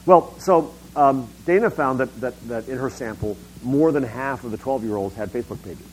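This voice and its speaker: A man's voice: mid-range voice, moderate pace, poor audio. Middle-aged man, public talk, emphatic, repeats words, faint hum behind. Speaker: speaker giving a talk on internet policy.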